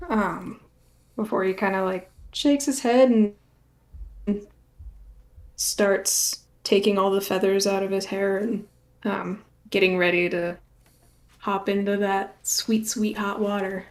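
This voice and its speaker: A woman's voice: medium pitch, fairly even intonation, slow, pauses often. A woman with a mid-range voice plays a tabletop game and talks through what her character does. She is thoughtful and casual, with plenty of fillers. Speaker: player.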